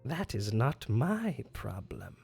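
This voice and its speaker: A man's voice: medium pitch, sing-song, takes it slowly, vocal fry, a little mellow, husky, soft background music, heavily acted. A man voicing a scheming old female hag who speaks in curt, stern lines.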